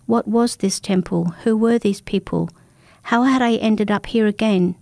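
A woman narrating a first-person folk tale in a calm, measured, intimate manner. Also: mid-range voice, creaky, no room sound, studio quality. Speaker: storyteller.

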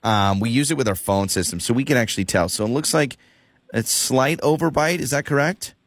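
A man's voice: medium pitch, a little fast. Stammering, evasive man on a prank call. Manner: stammering, evasive, repeats himself. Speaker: radio host making a prank call. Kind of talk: prank phone call, posing as a dental office caller.

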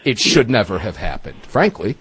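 A man's voice: lowish voice, big pitch swings, normal speed, a bit bright, breathy edge, no room sound. A man hosting a talk radio show, emphatic and folksy, speaking straight to his listeners.

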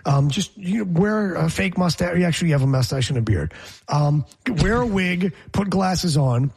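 Husky high-voiced man teasing on sports radio. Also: lively intonation, moderate pace, darkish tone. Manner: teasing, rambling storyteller. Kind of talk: casual sports talk banter.

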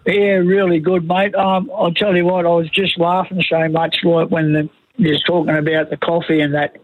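Husky aussie bloke calling the radio, folksy and rambly, dry close sound. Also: male voice, a little high, level tone, normal speed, no echo, narrow, tinny audio. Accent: Australian. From Queensland, Australia. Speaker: radio caller. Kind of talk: phone-in chat.

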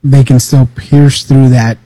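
A man's voice: mid-range voice, flat delivery, measured pace, mellow, no echo, rough recording. A man chiming in on a talk radio show with dry, laid-back asides. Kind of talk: casual talk radio banter.

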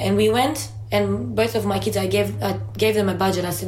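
A woman's voice: mid-range voice, steady tone, fairly quick, few pauses, a little mellow, slight background noise. A woman in casual podcast chat, telling a parenting story at length and second-guessing herself as she goes. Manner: chatty, self-questioning storyteller. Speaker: parent sharing experience. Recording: roomy echo.

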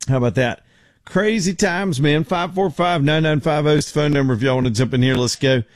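A man's voice: a little high, a little fast, dry recording, clean studio sound. A man hosting a home improvement radio show, telling stories in a rambling, folksy way. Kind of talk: casual talk radio.

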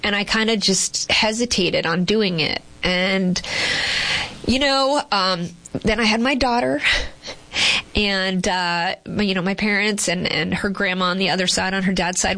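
A woman in her forties from Boston, a TV news reporter chatting as an interview guest, expressive, with quick laughs and frequent fillers. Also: medium pitch, creaky. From Boston, USA. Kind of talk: casual interview chat.

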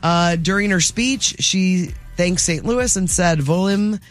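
A man's voice: high-pitched, slow, a bit bright, soft background music. A man hosting a casual talk show, chatting and reading news items aloud. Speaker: radio show host. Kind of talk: casual chat.

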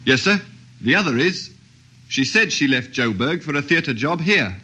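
Dutiful sergeant, deferential, bright and firm. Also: male voice, on the high side, expressive, moderate pace, breathy edge, heavily acted. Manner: deferential, matter-of-fact reports. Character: dutiful male police sergeant, respectful. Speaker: police sergeant. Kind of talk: 1950s radio drama acting.

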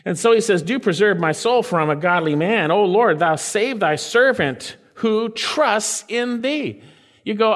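High voiced guy preaching, stretches out the scripture lines, long echo like a big hall. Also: very animated, a bit bright. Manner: preaching with sweeping pitch swings and drawn-out scripture lines. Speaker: pastor. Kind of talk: sermon.

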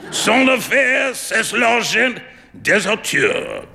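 Brief: man playing a loud, mocking gent friend, bright and lively, in a reverberant hall. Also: takes it slowly, vocal fry, a little hiss or hum, full character voice. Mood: amused. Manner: booming, laughing, teasing. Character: hearty, mocking male artist friend.

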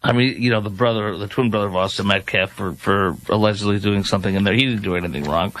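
A man's voice: lowish voice, quick pace, fairly bright tone, slight background noise. A man hosting a commentary show, scornful and sarcastic as he reacts to clips. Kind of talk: opinionated news commentary.

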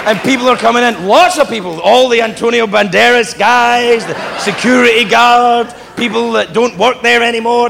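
A man doing stand-up, telling a story with sudden shouts and put-on voices. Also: extremely high pitch, moderate pace, gravelly, hardly any pauses. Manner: animated, swings into shouted put-on voices and laughs. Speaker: stand-up comedian. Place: comedy club stage. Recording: live in a hall with crowd and noise. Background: audience laughter.

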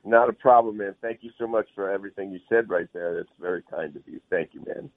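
A man's voice: lowish voice, quick pace. A male musician being interviewed, talking in a rambling, friendly way, heard over a phone line. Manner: rambling, friendly, says "man" often. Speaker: guest musician.

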